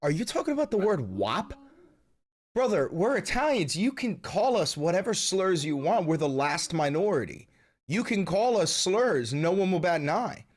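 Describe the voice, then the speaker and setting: A man hosting a livestream, ranting loudly and profanely in casual reaction commentary. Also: high-pitched, measured pace. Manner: loud, animated, profane ranting. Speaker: livestream host.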